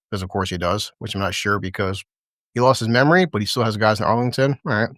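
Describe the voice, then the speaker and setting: A man's voice: on the low side, fast, fairly bright tone, no room sound, clean studio sound. A man co-hosting a casual, crude podcast recap of a TV episode, rambling and laughing often as he paraphrases scenes. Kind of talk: casual chat with crude humor.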